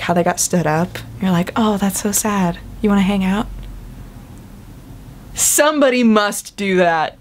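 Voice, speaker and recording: A young woman in her twenties vlogging in casual chat, chatty and animated, acting out quoted voices with big jumps in pitch.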